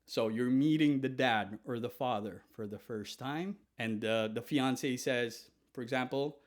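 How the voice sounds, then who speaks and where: A man teaching a language lesson in an animated way, demonstrating polite phrases softly and often. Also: medium pitch, unhurried, hardly any pauses. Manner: animated, demonstrating phrases with soft deferential repetition.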